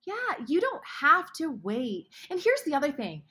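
A woman guest author speaking earnestly in a faith podcast conversation, often dropping to hushed tones. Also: high voice, huge pitch swings, a little slow.

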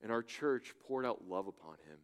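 A man preaching a sermon as a church pastor, swinging between loud urgent appeals and hushed, soft pleas. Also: lowish voice, animated, normal speed. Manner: impassioned, swings from loud urging to hushed softness. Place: church in Germany.

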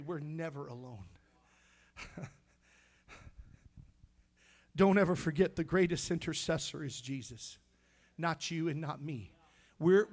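A male pastor preaching a sermon, telling stories and swinging from hushed tones to loud, shouting climaxes. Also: on the high side. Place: church sanctuary.

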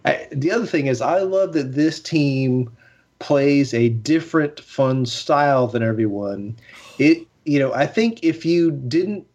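A man co-hosting a sports podcast in casual chat, enthusiastic and opinionated, speaking in quick bursts. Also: mid-range voice, expressive, a little mellow. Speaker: podcast co-host. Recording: slightly dull lo-fi sound.

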